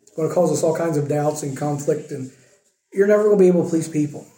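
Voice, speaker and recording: A man's voice: a little high, fast, warm tone, roomy sound, poor audio. A man preaching a conversational sermon as pastor, using rhetorical questions. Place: church sanctuary.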